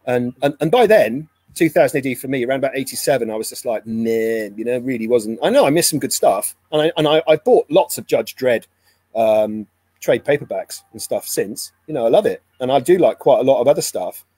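A man's voice: mid-range voice, animated, brisk, dark tone, husky, dry recording. A man, a comic editor, chatting casually and laughing often. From Scotland. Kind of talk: casual chat.

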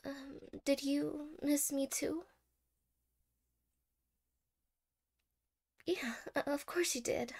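In a whispered role-play, a woman plays a clingy, anxious young girlfriend who keeps stammering and apologizing. Her voice sits high and carries a gravelly fry. She speaks slowly and softly. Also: fairly even intonation, full character voice. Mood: anxious, teary. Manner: soft-spoken, stammering, apologetic. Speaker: ASMR role-play creator.

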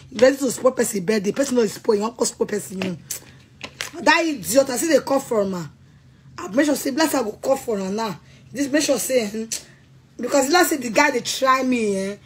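A woman with a Nigerian accent, ranting angrily and scolding someone in bursts of shouting and threats. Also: a little high, lively intonation, moderate pace, a little hiss or hum, low-quality recording. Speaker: vlogger. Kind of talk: angry rant to camera.

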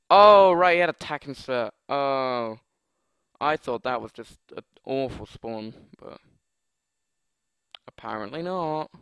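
A man's voice: mid-range voice, takes it slowly, a bit bright, smooth, dry recording, clean studio sound. A young man commentating live on his gameplay, joking, muttering and getting exasperated at opponents. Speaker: gaming commentator.

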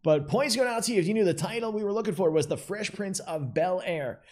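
A man's voice: high voice, expressive, a little fast, darkish tone. A man hosting a live-streamed trivia game show, chatty and upbeat, talking straight to the players in the chat.

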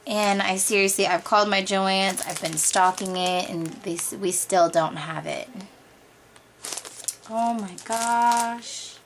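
A young woman vlogger gushing quickly through a craft-supply unboxing, giddy and talkative after extra coffee. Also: mid-range voice, flat delivery, fairly bright tone, slight background noise. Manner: gushing, fast, over-caffeinated. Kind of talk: excited unboxing chat.

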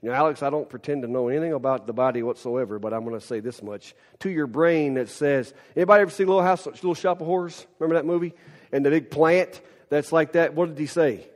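A male pastor preaching a lively, conversational sermon and speaking directly to his congregation. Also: fairly high pitch, fast talker. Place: church sanctuary. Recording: reverberant church hall.

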